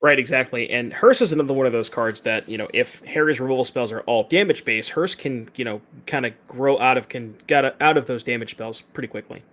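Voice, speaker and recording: A man's voice: mid-range voice, a bit bright. A man giving analytical commentary on a card game tournament, weighing options. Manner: quick, analytical.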